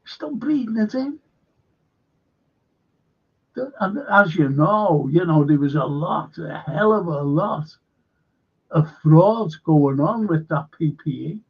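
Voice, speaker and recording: Male stream host, husky and raised in pitch, profane, rambling, reading out comments, dull audio. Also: a little slow. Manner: profane, rambling, reads viewer comments aloud. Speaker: livestream host. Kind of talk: casual fan livestream chat.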